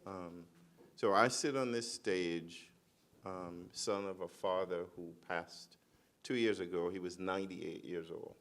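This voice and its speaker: Deep-voiced man, measured and deliberate. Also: steady tone. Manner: measured, repeats key lines for emphasis. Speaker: panelist. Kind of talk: panel discussion, reflective advice.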